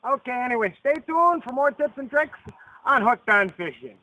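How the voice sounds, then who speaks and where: A man hosting an ad-libbed mock fishing show outdoors by a river, rambling in a deadpan way with lots of fillers. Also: extremely high pitch, normal speed. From Texas. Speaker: comedy fishing show host. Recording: lo-fi camcorder audio outdoors.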